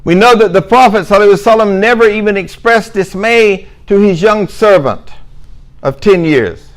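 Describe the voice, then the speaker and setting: High-voiced man lecturing. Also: a little fast, poor audio. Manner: sarcastic asides, emphatic repetition. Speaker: Muslim speaker giving a talk.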